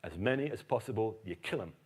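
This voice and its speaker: A man from Britain giving a keynote history lecture, telling anecdotes in a lively, animated way. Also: lowish voice, fast talker, slightly rough.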